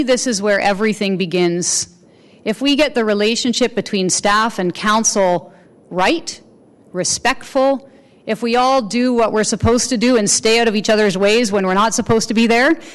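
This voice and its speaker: A woman giving a formal public address as a mayor, speaking in an earnest, measured way with pauses between phrases. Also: mid-range voice, clean tone.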